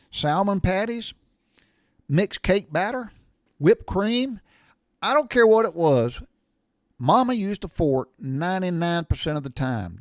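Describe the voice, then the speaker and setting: A man's voice: on the high side, no room sound, studio quality. An older man, telling rambling, folksy home stories with mild cussing. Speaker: storyteller sharing memories. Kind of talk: casual storytelling monologue.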